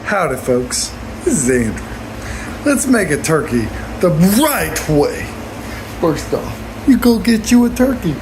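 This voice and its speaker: A man's voice: fairly high pitch, big pitch swings, measured pace, noisy background. A man doing a folksy cooking-show host.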